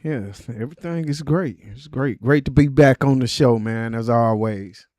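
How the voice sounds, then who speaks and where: A man with a mid-range voice hosts a livestream talk show in a relaxed, easygoing way. He greets the audience and backs up his co-hosts. The sound is dry and close. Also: mid-range voice, normal speed, no room sound. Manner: relaxed, affirming, laid-back. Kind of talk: casual livestream chat.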